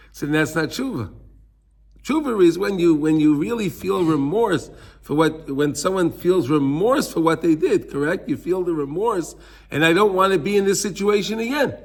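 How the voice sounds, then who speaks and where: In a Torah class, a man with a high-sitting, expressive voice explains texts earnestly at a measured pace. He slips Hebrew terms into his teaching and acts out the voices in little scenes.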